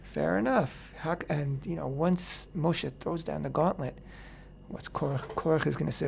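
A man on a radio talk show explaining a Bible passage in a casual, animated way, acting out the characters' words in paraphrase. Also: a little high, normal speed, creaky, a little hiss or hum. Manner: animated, acts out quotes in paraphrase, many fillers. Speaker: radio host teaching the weekly Torah portion. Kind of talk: casual Torah discussion on radio.

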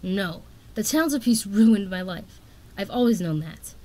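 A woman's voice: mid-range voice, lively intonation, normal speed, darkish tone, lightly acted, poor audio. A woman voicing a defiant young female dragon who speaks in a demanding, insistent way.

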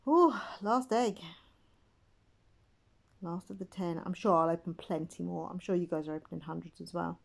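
A woman giving casual gameplay commentary, excitable and chatty, gasping and squealing as she talks to her viewers. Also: fairly low pitch, normal speed, creaky, pauses often. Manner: chatty, addresses viewers as guys. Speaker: gaming channel host.

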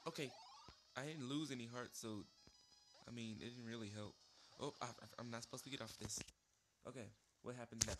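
A man narrating his own gameplay in a loose, rambling way, full of fillers. He keeps jumping into high-pitched yelps and shouts at the screen. His voice sits at an ordinary pitch, and game music plays clearly underneath. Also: steady tone, moderate pace. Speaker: let's play host. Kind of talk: casual gameplay commentary.

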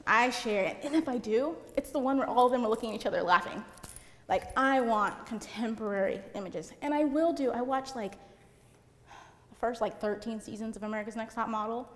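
A loud, chatty woman from Puerto Rico giving a seminar talk to photographers, using a handheld mic and saying "like" a lot. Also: on the high side, long reverb tail. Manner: chatty, lots of "like". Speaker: seminar speaker. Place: seminar room with an audience.

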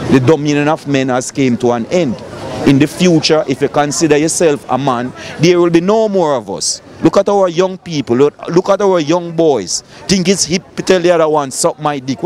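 A middle-aged Jamaican man preaching on a city street in a fiery, profane, lecturing manner. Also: a little high. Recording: loud street crowd noise.

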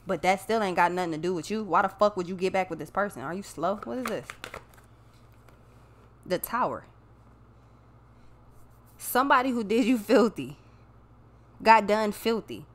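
A woman's voice: medium pitch, animated, moderate pace, pauses often, slight background noise. A woman giving a casual tarot reading, talking bluntly and emphatically with plenty of swearing. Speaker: tarot reader.

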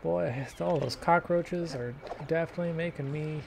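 A man giving casual gameplay commentary, slightly high in pitch, jokey and animated, slipping into mock-British asides. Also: moderate pace, vocal fry, crowd noise. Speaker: let's play host.

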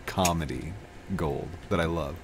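A man's voice: very deep voice, unhurried, creaky, noisy background. A young man hosting a gaming video in playful, giggly casual chat. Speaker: gaming channel host.

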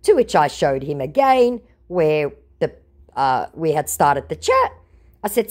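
A woman's voice: low-pitched, very animated, unhurried, a little mellow. A woman retelling her chats with scammers in a sarcastic, mocking way. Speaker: scam-baiting content creator. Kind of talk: storytelling vlog.

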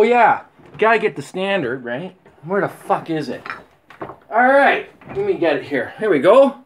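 A middle-aged man rambling crudely in a casual vlog, swearing constantly with rough humor. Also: a little high. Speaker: vlogger. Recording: faint background noise.

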